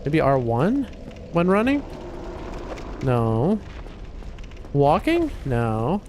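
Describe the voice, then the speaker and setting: A man's voice: on the high side, wildly swooping pitch, drawn-out words, darkish tone, a little hiss or hum. A man hosting a gaming livestream, chatting casually with his viewers and joking back at the game characters. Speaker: livestream gamer host. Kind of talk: casual gaming stream commentary.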